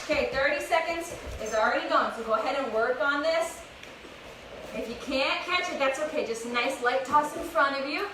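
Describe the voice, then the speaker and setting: A woman's voice: sits high, brisk. A young woman leading a live kids' workout class, encouraging and a little out of breath. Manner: upbeat coaching, encouraging. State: slightly out of breath. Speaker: fitness instructor. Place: outdoors, open space. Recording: echoey, distant with background noise.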